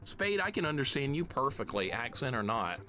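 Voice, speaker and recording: Male streamer, slight Southern US accent, excitable live play commentary, soft game music underneath. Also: medium pitch, moderate pace. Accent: slight Southern US city accent. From southeastern United States. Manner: chatty, excitable, laughs often, greets chat.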